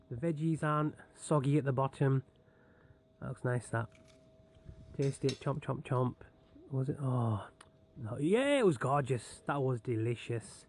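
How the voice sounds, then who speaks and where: A man's voice: medium pitch, a little mellow. A young man narrating his home cooking with a jokey, self-mocking running commentary, recorded on a handheld camera in a kitchen. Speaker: home cook vlogger.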